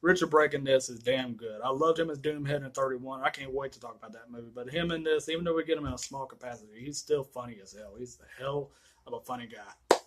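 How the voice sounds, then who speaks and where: A man giving a casual, profanity-filled movie review rant, excitable and quick to laugh. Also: mid-range voice, low-quality recording. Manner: excitable, swears constantly, laughs often.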